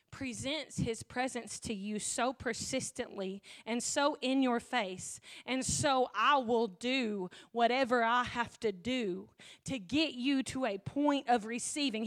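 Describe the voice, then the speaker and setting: A woman pastor preaching a sermon, emotional and weepy at times, building up to near-shouting passion. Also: a little high, slow pace.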